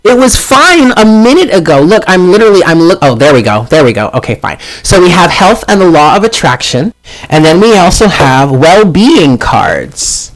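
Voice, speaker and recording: A man hosting a casual live stream as a tarot reader, chatty, self-deprecating and quick to exclaim. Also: sits high, very animated. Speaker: tarot reader and channel host.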